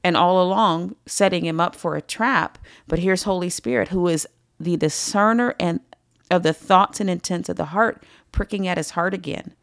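A woman teaches a morning Bible study, her voice low-set and gravelly with fry. She speaks in an earnest, conversational manner and checks in with her listeners as she goes. The sound is dry and close, with little room around it. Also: normal speed, dry recording. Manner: earnest, conversational, with frequent "right?" asides.

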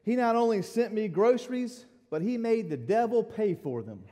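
A man voicing a bold, faithful elderly woman who shouts her praise loudly and high. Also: sing-song, slow, in a large hall. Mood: jubilant. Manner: loud, high exclamations.

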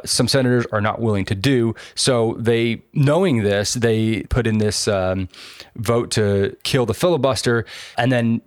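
A man's voice: fairly low pitch, no room sound, studio quality. Profane, sarcastic man chatting politics. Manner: animated, profane, sarcastic, many fillers. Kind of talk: casual political chat.

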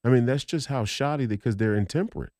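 A man's voice: medium pitch, fast talker, darkish tone, dry recording, studio quality. A man, co-hosting a podcast, talking heatedly in a rambling, profane way with many restarts. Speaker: podcast co-host. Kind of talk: casual political chat.

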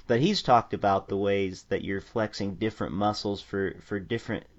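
A man hosting a podcast interview, talking in an earnest, halting way with restarts. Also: on the low side, steady tone, highs cut off. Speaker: podcast host. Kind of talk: casual interview chat.

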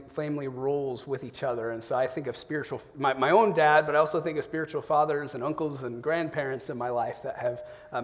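A man in his forties, a pastor preaching a sermon, telling family stories with animated bursts and soft, reflective drops. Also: medium pitch.

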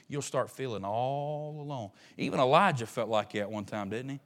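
A man preaching a sermon with passion, rising to loud peaks and dropping to hushed murmurs. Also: medium pitch, normal speed, few pauses. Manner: impassioned, swinging from loud rises to hushed murmurs.

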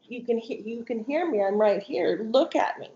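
A woman's voice: a little high, lively intonation, moderate pace, mellow, slight background noise. A woman, a mother, tells an emotional personal testimony, acting out the voices she quotes. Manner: vivid retelling that acts out quoted voices, with restarts. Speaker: guest, mother telling her family's story. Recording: roomy, dull lo-fi sound.

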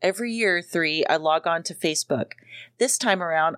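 A woman's voice: lowish voice, moderate pace, fairly bright tone. A woman in her forties hosting a podcast, telling a long personal story in a rambling way, full of ums and casual swearing. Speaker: podcast host.

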